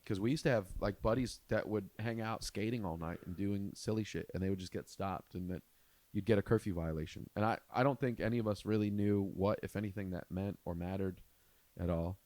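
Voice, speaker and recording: Low-voiced comedian telling a rambling story. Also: male voice, brisk, no echo. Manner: rambling, animated storyteller who acts out quotes. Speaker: comedian podcast host. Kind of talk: casual storytelling chat.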